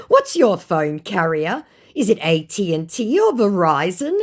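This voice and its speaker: A slow, dim-witted man chasing a romance scam, as a woman mocks him, reading his chat messages out with a high, swooping lilt that climbs and drops all over the place. The pushy questions come out in a drawn-out, sing-song way. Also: very animated. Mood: mocking. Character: dim, pushy male online romance scammer.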